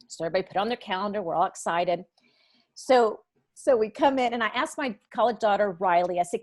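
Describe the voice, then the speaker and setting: A middle-aged woman, a Bible study teacher, telling a story as a guest in a podcast conversation, lively and acting out the voices of others. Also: medium pitch, fairly quick, no echo. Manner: animated, acts out others' voices in her stories.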